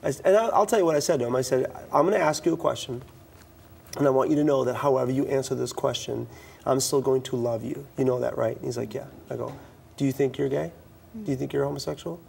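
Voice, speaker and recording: A man's voice: medium pitch, fast, creaky, slight background noise. A middle-aged man from the US East Coast, telling stories in a talk-show interview and acting out the dialogue. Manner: animated, acts out quoted dialogue, frequent restarts. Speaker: youth speaker.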